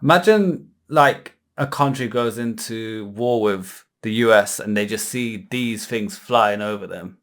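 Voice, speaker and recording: A British man co-hosting a reaction video, chatting casually, excitable and swearing freely. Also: lowish voice, unhurried, hardly any pauses. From Britain. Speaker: reaction channel co-host.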